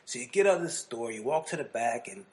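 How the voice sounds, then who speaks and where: A man from New Jersey hosts a relaxed podcast chat. He rambles through his stories, restarts his sentences and laughs easily, in an ordinary mid-range voice. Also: medium pitch, fast talker. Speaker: podcast host. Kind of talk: casual chat.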